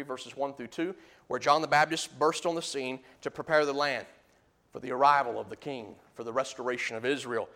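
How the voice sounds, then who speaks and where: High-voiced emphatic male preacher. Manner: emphatic, swings from loud high bursts to low quiet asides. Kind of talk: sermon.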